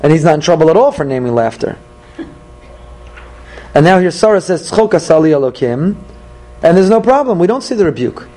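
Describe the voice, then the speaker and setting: Man teaching a lively Torah class. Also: fairly high pitch, fairly quick, pauses often, rough recording. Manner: animated, asks questions and answers them himself.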